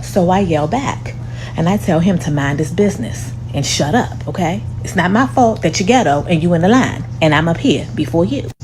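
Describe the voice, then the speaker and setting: A woman tells an airport story with sass and drama. Her voice sits on the low side, and a steady hum runs under the recording. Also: normal speed. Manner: sassy, dramatic and lively. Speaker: storytelling vlogger. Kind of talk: animated storytime. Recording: humming background noise.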